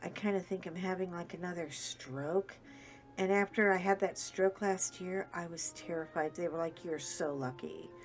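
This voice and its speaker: A woman's voice: lowish voice, steady tone, normal speed, faint music behind. A woman vlogger chatting casually to viewers while she works on a craft project, rambling along with self-deprecating humor.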